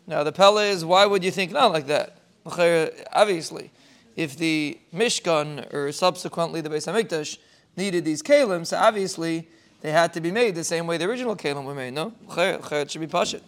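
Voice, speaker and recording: A man's voice: fairly high pitch, a bit bright. A man, giving an informal Torah talk that he explains step by step. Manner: explains step by step, ends in a fast rising string of blessings. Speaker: rabbi giving a short Torah thought.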